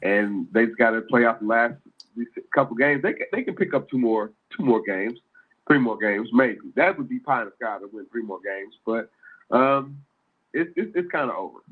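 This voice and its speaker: A man co-hosting a sports podcast, heard through a thin, phone-like line. His pitch sits in the middle for a man, and he rambles in casual chat, circling back and restarting his sentences. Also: animated, normal speed, slightly rough. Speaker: podcast co-host.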